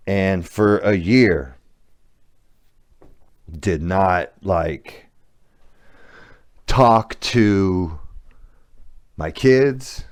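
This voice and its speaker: Man, middle-aged, podcast host, candid story, profane, blunt, low-ish voice, unhurried.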